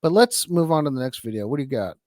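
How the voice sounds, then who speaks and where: A man's voice: medium pitch, lively intonation, fast talker, darkish tone, no room sound, clean studio sound. A man cohosting a podcast in casual, joking chat, laughing often. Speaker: podcast co-host.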